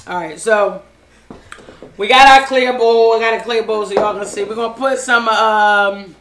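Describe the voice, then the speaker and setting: Loud, joking woman hosting a cooking show. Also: fairly high pitch, steady tone, moderate pace. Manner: loud, joking, profane banter with family off camera. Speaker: home cooking show host. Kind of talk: casual cooking demonstration. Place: home kitchen with family nearby. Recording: echoey kitchen, loud background noise.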